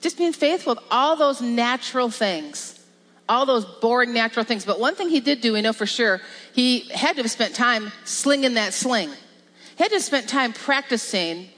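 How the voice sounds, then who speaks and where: A woman pastor giving a lively, emphatic sermon with repetition and laughs. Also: a little high, moderate pace. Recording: long reverb of a large hall.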